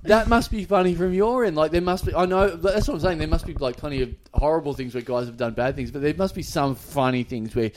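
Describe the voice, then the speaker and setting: A man's voice: on the high side, quick pace, few pauses, a little mellow, a little hiss or hum. A man bantering on a podcast, joking at his own expense and laughing a lot. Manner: laughing, self-deprecating banter. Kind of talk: casual podcast chat.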